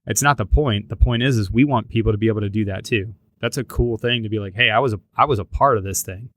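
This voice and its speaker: A man's voice: fairly low pitch, fast talker, fairly bright tone, no echo. A middle-aged man hosting a podcast, talking earnestly in casual chat with lots of restarts. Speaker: podcast host.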